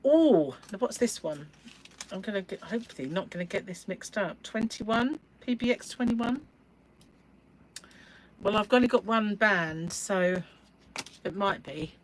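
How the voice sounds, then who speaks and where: A woman's voice: medium pitch, animated, measured pace, long pauses, a little hiss or hum, rough recording. A middle-aged woman from England chatting at length during a live crochet stream, rambling and laughing often, gushing over yarn colours. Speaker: yarn shop owner and livestream host. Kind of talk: casual chat while crocheting.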